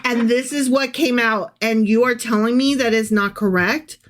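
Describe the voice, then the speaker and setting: A woman's voice: a little high, normal speed. A woman co-hosting a podcast, chatting casually and sarcastically, joking as she reads aloud. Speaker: podcast co-host. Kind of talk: casual comedic chat.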